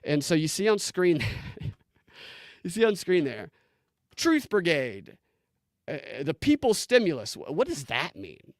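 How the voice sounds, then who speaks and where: This incredulous political commentary host, his voice a touch high for a man, speaks slowly with frequent pauses on his casual show. Reading posts aloud, he bursts out animatedly and restarts phrases. The sound is dry and close to the mic.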